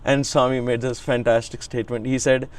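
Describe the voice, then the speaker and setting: A man's voice: mid-range voice, level tone, a little fast. A man in his sixties, an interviewee, telling a reverent personal story in an earnest way. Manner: earnest, reverent, frequent restarts and soft laughs. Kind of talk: reflective storytelling.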